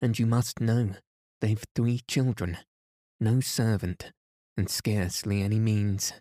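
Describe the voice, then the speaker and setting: A man voicing an earnest young noblewoman in an audiobook, speaking briskly. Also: fairly low pitch, fairly even intonation, warm tone, no room sound, studio quality.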